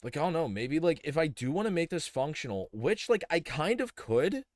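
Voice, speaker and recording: A man's voice: fairly high pitch, sing-song, normal speed, no echo. Rambling young man streaming, dry close mic. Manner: rambling, thinks aloud with many fillers and restarts. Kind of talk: casual live-stream commentary while building.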